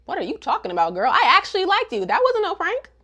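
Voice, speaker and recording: Easygoing teen boy, slangy and bright, as a woman puts him on in a comic recap. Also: extremely high pitch, huge pitch swings, fast, voice pushed up, exaggerated voice. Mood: earnest. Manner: slangy, casual. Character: laid-back teenage boy, sincere and easygoing.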